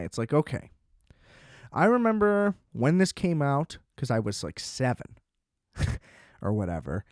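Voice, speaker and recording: A man's voice: mid-range voice, huge pitch swings, unhurried, pauses often, dry recording, studio quality. A man in his twenties giving a casual, sarcastic movie review, scoffing and swearing freely as he rants. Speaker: film reviewer.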